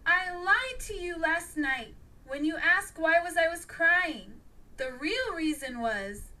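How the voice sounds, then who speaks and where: A woman's voice: very high-pitched, animated, slow, sharp tone, pitched above the performer's own voice, full character voice. A woman voicing a guilty young woman who talks hesitantly and stammers.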